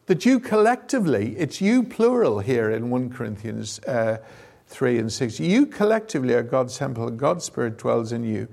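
Gravelly man preaching conversationally. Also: medium pitch, sing-song, normal speed, darkish tone. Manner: conversational, digressive, with fillers and asides. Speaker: preacher leading a Bible teaching session. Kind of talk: informal sermon with audience participation.

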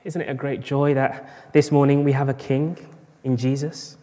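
A man's voice: mid-range voice, level tone, moderate pace, warm tone. A man preaching a sermon at a morning church service, rhetorical, with bursts of emphasis. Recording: long reverb of a large church hall.

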